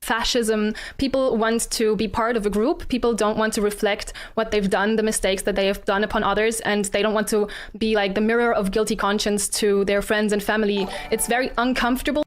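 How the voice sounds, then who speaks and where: A woman makes her case in a debate with moral earnestness. Her voice is smooth and resonant at a middle pitch. She pauses often on ums but keeps pressing her point. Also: level tone. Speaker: vegan debater. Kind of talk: formal debate argument.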